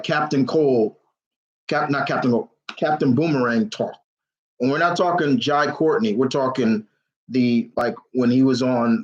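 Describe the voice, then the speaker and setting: A man's voice: medium pitch, dull audio. A man hosting a live question-and-answer stream, chatting enthusiastically in a rambling way, full of fillers and restarts. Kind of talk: casual rambling chat.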